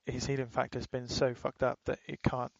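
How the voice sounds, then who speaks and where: Casting note: man, podcast co-host, loose swearing chatter, flat tone, dry close sound. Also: mid-range voice, moderate pace, creaky, dry recording, lo-fi sound. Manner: rambling, swears freely, laughs while retelling. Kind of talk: casual chat.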